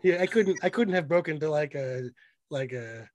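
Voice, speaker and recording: A man co-hosting a podcast in casual chat, excited and profane, mocking what he talks about. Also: fairly high pitch, dry recording. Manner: excited, profane, mocking, quick bursts of mimicry. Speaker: podcast co-host.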